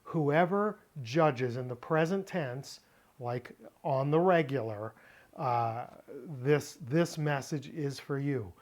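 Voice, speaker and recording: Slow, deliberate middle-aged male teacher. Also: medium pitch. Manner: slow, deliberate explaining with emphatic repeats. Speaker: Greek teacher. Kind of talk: Bible word-study lesson.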